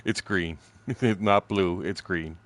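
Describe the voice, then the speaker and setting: Older canadian man, sixties, lowish voice, rambling, swears a lot, laughs between stories. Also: takes it slowly, a bit bright. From southern Ontario, Canada. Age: 60s. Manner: profane, rambling, laughs often. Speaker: gaming streamer. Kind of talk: casual storytelling while gaming.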